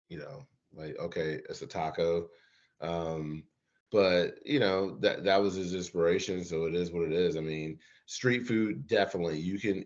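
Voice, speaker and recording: A man's voice: sits low, highs cut off. A man, a guest chef, chatting casually on a podcast, rambling with many restarts and fillers. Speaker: guest chef, former competitor.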